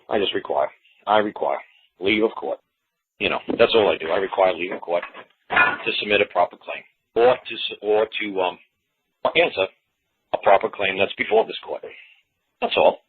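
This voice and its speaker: Husky man talking over a phone line. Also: fairly low pitch. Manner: blunt, folksy, rambling. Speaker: show host. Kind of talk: call-in talk monologue. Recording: tinny phone-line sound.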